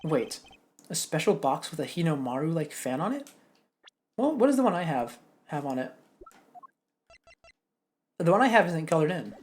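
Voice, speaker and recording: A woman voicing a composed male prosecutor from a game, speaking low, measured and serious. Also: sing-song, darkish tone. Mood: puzzled.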